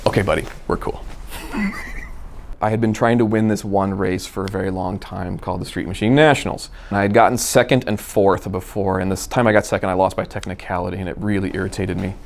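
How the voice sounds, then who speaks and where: Man telling a car story, lowish voice. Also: brisk, vocal fry, slight background noise. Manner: animated, acts out quoted dialogue. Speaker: guest storyteller. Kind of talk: casual storytelling.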